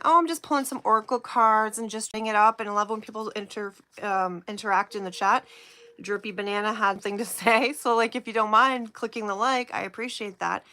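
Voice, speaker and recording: A woman hosting a casual live stream, chatting and giggling with viewers while slowly reading out oracle card phrases. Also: a little high, pushed and bright.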